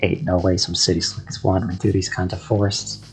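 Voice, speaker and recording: A man's voice: sits low, little pitch movement, fairly quick, soft background music. A man voicing a wary, armed older Texan man in an audio story, speaking with a Texan accent and a folksy drawl. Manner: folksy drawl, threatening then jovial.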